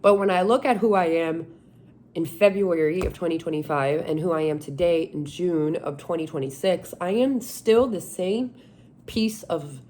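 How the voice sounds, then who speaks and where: A woman venting in a casual, animated monologue, exasperated and self-mocking. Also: fairly low pitch, normal speed, slight background noise. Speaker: vlogger.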